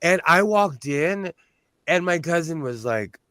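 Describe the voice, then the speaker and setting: A man's voice: fairly high pitch, lively intonation, slow, fairly bright tone, no echo. A man chatting casually on a show, blunt and talkative with a self-deprecating streak. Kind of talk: casual chat. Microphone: on-camera mic.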